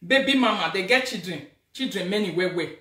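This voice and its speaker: A woman with a Nigerian accent hosting a live video as a social media influencer, talking in an animated, scolding, emphatic way. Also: medium pitch, fairly quick, far from the mic. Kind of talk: casual live-stream rant. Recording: echoey room, away from the mic.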